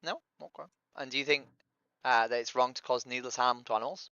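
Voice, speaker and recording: This is dry, lo-fi stream audio of a man playing the vegan activist, pressing people over voice chat with probing questions and a persistently repeated opener in a street-outreach manner. He talks a little fast at medium pitch, with a sharp yet clean tone.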